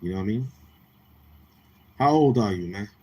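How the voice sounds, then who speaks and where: Brief: male livestream host, New York accent, lowish voice, blunt, profane, in-your-face. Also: lively intonation, normal speed, a little mellow, slightly rough. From Queens, New York. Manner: brash, profane, confrontational. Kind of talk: casual livestream chat with viewers.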